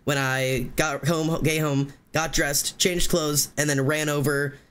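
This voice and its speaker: A man streaming live, telling a long story in casual chat, rambling and fast with many fillers and restarts. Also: on the high side, little pitch movement, a bit bright, clean tone, faint music behind.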